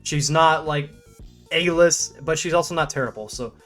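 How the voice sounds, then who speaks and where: A man's voice: on the high side, moderate pace, faint music behind. Rambling young man reviewing a film. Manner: rambling, stop-start, many fillers and restarts; laughs often, animated bursts. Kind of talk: casual spoken movie review.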